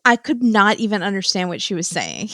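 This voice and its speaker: A woman's voice: mid-range voice, very animated, brisk, fairly bright tone, no room sound, clean studio sound. A woman appearing as a guest on a casual podcast, mostly chiming in with short, agreeable reactions. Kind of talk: casual chat.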